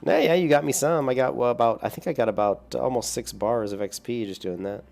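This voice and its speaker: A man's voice: mid-range voice, a little fast, vocal fry, a little mellow. A young adult man streaming a game, chatting casually with viewers, rambling and swearing lightly between chuckles. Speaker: gaming streamer. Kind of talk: casual gameplay chat with viewers.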